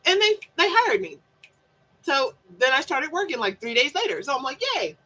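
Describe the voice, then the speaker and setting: A woman's voice: sits high, very animated, normal speed, pushed and bright, low-quality recording. A woman vlogger in a casual chat, telling her story candidly and rambling, with lots of swearing and many "like"s and "you know"s. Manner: peppers speech with "like" and "you know". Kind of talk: casual mental health chat.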